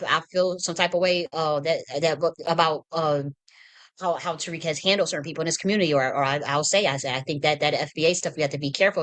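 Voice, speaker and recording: A woman's voice: medium pitch, a bit bright. A woman hosting a casual livestream, talking bluntly and emphatically with frequent restarts and swearing. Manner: shifts into mock-quoting herself and others. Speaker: livestream host.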